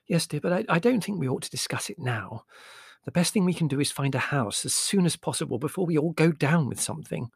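A genteel middle-aged mother, sweetly polite and softly fretting, in a lifted, gentle voice, as a male reader puts her on. The recording is dry and close, with no room sound. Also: a little high, lively intonation, a little fast, gravelly, breathy edge, no room sound, pitched above the performer's own voice, full character voice. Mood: fretful. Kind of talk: audiobook reading.

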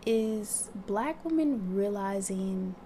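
A woman's voice: medium pitch, lively intonation, slow pace, mellow, a little hiss or hum. A young woman hosting her own podcast, talking candidly in a casual monologue and swearing freely. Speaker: podcast host.

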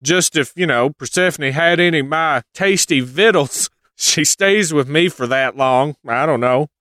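A man's voice: a little high, unhurried, bright, forceful tone, dry recording, studio quality, pitched above the performer's own voice. A man voicing a smug, creepy male underworld god with a sly, drawling delivery.

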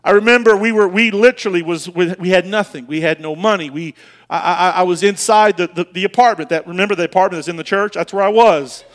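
A middle-aged man, a pastor telling a personal story in a sermon, emotional and halting, repeating words and building to loud passionate bursts. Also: high-pitched.

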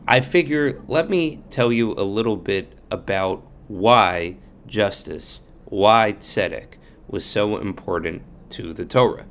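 A male host narrating a children's story in a friendly, explanatory style. His voice sits low and he takes his time, walking listeners through each idea without hurry. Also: slow, fairly bright tone, slight background noise.

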